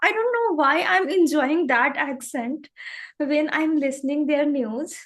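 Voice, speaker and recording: A woman's voice: sits high, unhurried. A woman, talking earnestly in a practice conversation, with many fillers and restarts. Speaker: English practice partner.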